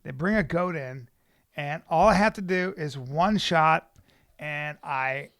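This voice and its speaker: A man's voice: a little high, slow, a bit bright. A man co-hosting a podcast in a studio, telling rambling stories in a casual way. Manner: gravelly, rambling storytelling. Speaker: podcast co-host. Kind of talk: casual chat.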